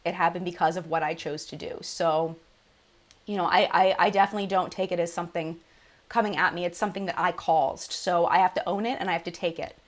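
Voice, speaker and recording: A woman in her thirties hosting a live chat, emotional and apologetic, crying at times, talking in halting restarts. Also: lowish voice, steady tone. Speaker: beauty channel host.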